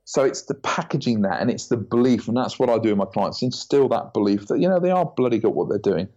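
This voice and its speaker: A man's voice: medium pitch, fast talker. A man, a podcast guest chatting casually and acting out quoted voices as he tells stories. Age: 40s. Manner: animated storyteller, acts out quoted voices. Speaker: podcast guest, branding consultant. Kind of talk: casual interview chat. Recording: dull lo-fi audio.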